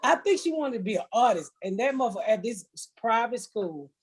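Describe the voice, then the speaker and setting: Telling crude, frank funny stories on her podcast, this host laughs as she chats casually. The recording is low quality, and her fairly high, husky voice moves briskly with lively intonation.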